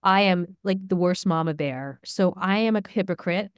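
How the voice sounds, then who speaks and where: A woman's voice: fairly low pitch, normal speed, clean tone, dry recording, studio quality. A middle-aged woman, a media expert guest, answering interview questions in a candid, storytelling way. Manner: candid, storytelling, acts out dialogue.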